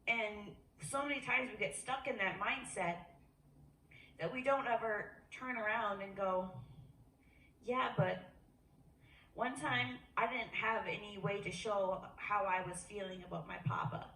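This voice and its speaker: A woman giving an informal sermon, animated, acting out quoted voices with jumps in pitch. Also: slight background noise. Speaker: speaker at a worship gathering. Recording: echoey room, voice from a distance.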